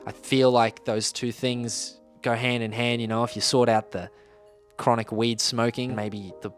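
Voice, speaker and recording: A man's voice: mid-range voice, little pitch movement, unhurried, soft background music. A young Australian man telling a work story in a laid-back, wry way, swearing casually. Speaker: YouTuber, electrician.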